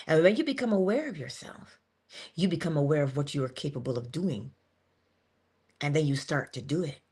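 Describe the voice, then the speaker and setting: Woman, slightly low voice, motivational speaker, casual heartfelt monologue with punchy emphasis. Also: expressive, fairly quick, mellow, breathy edge. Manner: casual, earnest, conversational with sudden emphasis. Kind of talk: inspirational monologue to camera.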